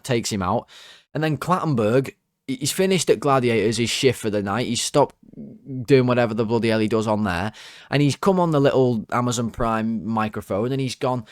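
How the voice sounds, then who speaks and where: A young man rants about his team's loss to camera, casual and exasperated. He swears freely and his pitch shoots up when he gets heated. The sound is dry and close. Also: dry recording. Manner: exasperated, swears, jumps to high excited pitch when worked up. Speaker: host of a football fan channel. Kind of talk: casual ranting commentary.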